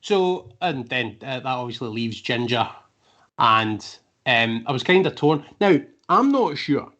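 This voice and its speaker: A man's voice: medium pitch, very animated, a little slow, fairly bright tone, muffled recording. A man co-hosting a casual basketball podcast, speaking with wry, dry humour and hesitant fillers. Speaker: podcast co-host. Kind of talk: casual chat.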